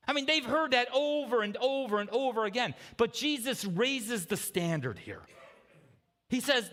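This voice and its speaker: A man preaching a sermon in a conversational way, checking in with the congregation with quick "okay?" and "right?" asides. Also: very high voice, big pitch swings, bright, forceful tone, in a large hall. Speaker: pastor. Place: church sanctuary.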